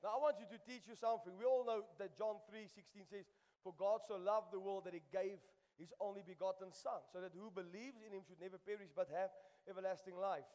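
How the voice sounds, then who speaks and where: High-voiced preacher in echoing hall. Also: male voice, fairly even intonation, a little fast, a little mellow. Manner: emphatic, call-and-response, repeats lines for the crowd. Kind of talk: sermon. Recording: long reverb of a large hall.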